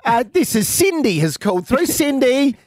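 A man's voice: extremely high pitch, sing-song, moderate pace, darkish tone. An Australian man co-hosting breakfast radio, cheery and easygoing as he runs a quiz. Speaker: radio co-host.

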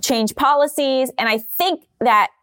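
A woman's voice: high voice, unhurried, a bit bright. A woman co-hosting a podcast, talking earnestly and thinking aloud in a casual chat. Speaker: podcast co-host.

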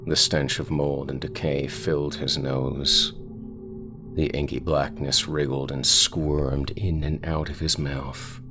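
A man reading scripted horror narration in a slow, brooding storytelling manner. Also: very deep voice, little pitch movement, over music.

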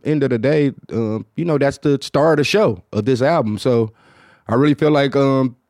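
A man with a Detroit accent hosting a casual podcast, talking in a low, mumbled, rambling way with lots of fillers and swearing. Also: a little mellow, no room sound, studio quality. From Detroit, United States. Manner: low-toned, mumbled, hard-to-follow delivery; loose, profane, rambling with many fillers. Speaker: podcast host. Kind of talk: casual chat.

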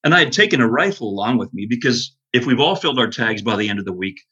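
A man's voice: medium pitch, expressive, quick pace, sharp tone, breathy edge, muffled recording. A man who is a bow hunter and podcast guest, telling an earnest hunting story in casual conversation, with many restarts.

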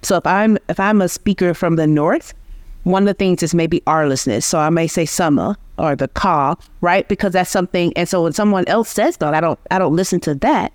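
A woman from Georgia, a linguistics researcher, explaining speech sounds in a measured, teacherly way as an interview guest. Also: fairly low pitch, a little mellow, no echo, clean studio sound. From Georgia, USA. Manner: measured, teacherly, restarts phrases.

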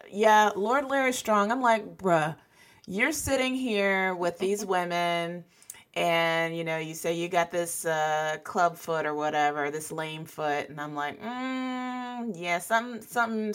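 Lower-voiced woman podcast co-host. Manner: relaxed, laughing, slangy. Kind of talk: casual podcast chat.

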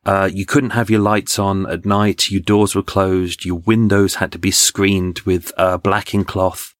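A man with a fairly low voice tells stories as a podcast guest. He talks in an animated, chatty way, stumbling and restarting and laughing as he goes. The sound is dry and close, with no room around it. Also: a little slow, no room sound. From England. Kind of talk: storytelling in conversation.

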